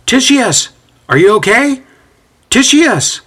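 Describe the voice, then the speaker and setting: A man voicing a weary older male apostle with a dry, deadpan humor. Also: medium pitch, normal speed, breathy edge. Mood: alarmed.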